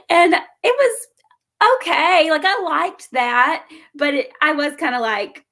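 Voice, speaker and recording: A woman guest chatting casually on a live stream, laughing often and filling pauses with um. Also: high-pitched, animated, a bit bright. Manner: giggly, chatty, with many ums.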